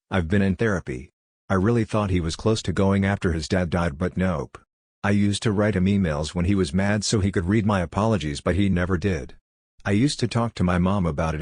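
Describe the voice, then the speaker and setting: A man with a very low voice reads a web post aloud in the first person. His delivery is plain and steady, and the sound is close and dry. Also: dry recording. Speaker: narrator.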